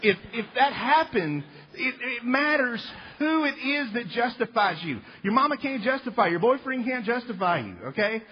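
A high, lively man preaches with joking, emphatic energy and slips into little acted voices. His voice is husky. A long hall reverb and a dull lo-fi recording tone surround him. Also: moderate pace. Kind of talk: sermon.

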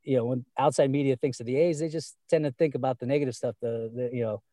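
Rambling man with a mellow voice. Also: mid-range voice, steady tone, fast talker, no room sound. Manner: rambling, many fillers and restarts. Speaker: fan guest. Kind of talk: casual conversation.

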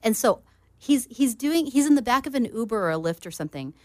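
Animated woman chatting on radio. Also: a little high, brisk, no echo, studio quality. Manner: animated storyteller, acts out quoted voices. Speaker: radio co-host. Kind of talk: casual radio chat.

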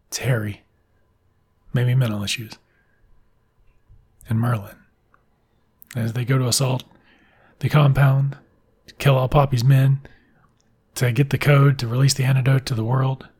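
A man's voice: medium pitch, breathy edge. A man casually recapping a film plot in a rambling, profane, wisecracking way.

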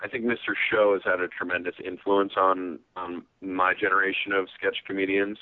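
A man's voice: low voice, flat delivery, moderate pace, no room sound. A man guest telling rambling, self-deprecating comedy stories in a casual interview, heard over a phone-like line. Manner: rambling, self-deprecating, acts out quoted voices.

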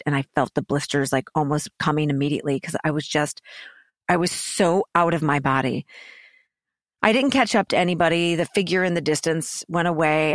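A woman's voice: deep voice, dry recording, studio quality. A woman guest on a podcast telling a personal story in an emotional way, her voice climbing when agitated and dropping to whispers.

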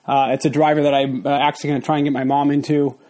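A man's voice: a little high, level tone, quick pace, darkish tone. A man in his forties hosting a casual solo podcast, a little out of breath, rambling loosely with fillers and restarts. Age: 40s. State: slightly out of breath. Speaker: podcast host.

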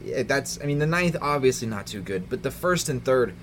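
A man, the fantasy league commissioner on a casual podcast, chatty and quick to laugh as he runs through the standings. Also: mid-range voice, expressive, slight background noise.

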